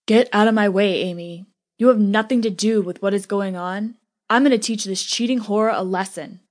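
Woman reading angry young man, harsh, contemptuous, mid pitch, audiobook dialogue. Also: moderate pace, natural voice.

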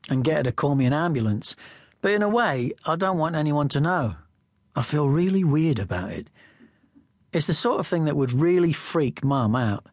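A man's voice: medium pitch, no room sound. A man reading a novel aloud in first person, in a plain conversational storytelling voice, recorded close in a studio. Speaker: audiobook narrator. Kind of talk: first-person scripted narration. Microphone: close studio mic.

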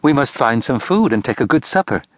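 A man voicing a calm, practical, steadfast mother in a storybook reading. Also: mid-range voice, fairly quick, no room sound, clean studio sound, natural voice.

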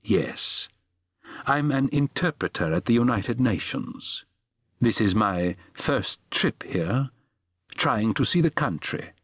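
A man voicing a strange, hesitant man from afar who speaks in a halting, careful way. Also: mid-range voice, expressive, breathy edge, no room sound, clean studio sound. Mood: polite.

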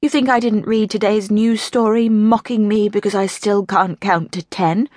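A woman voicing a sulky grown man king who moans slowly and gloomily. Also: medium pitch, fairly even intonation, a little mellow, dry recording, clean studio sound, natural voice. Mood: moaning. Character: moaning, self-pitying grown man king.

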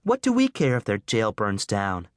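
A man's voice: on the low side, wildly swooping pitch, normal speed, no room sound, studio quality. A man voicing a spunky, determined teenage girl who talks in a pushy, brash way in an audiobook. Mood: urgent, defiant.

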